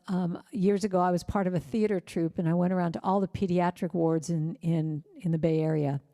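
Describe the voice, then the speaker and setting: Warm, gentle-voiced woman telling heartfelt stories. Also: fairly low pitch. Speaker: singer-songwriter speaker. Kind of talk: inspirational church talk. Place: church.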